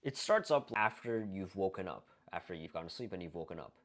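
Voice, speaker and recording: A young man who makes self-improvement videos talks casually to the camera. His voice is low and a bit bright, with lively intonation and a brisk pace, and his delivery is blunt and profane, packed with fillers and rhetorical questions.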